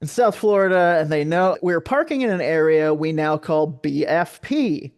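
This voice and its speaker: A man's voice: a little high, normal speed, smooth. A man hosting a comedy podcast, reading sighting reports aloud and riffing with jokey asides. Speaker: podcast host.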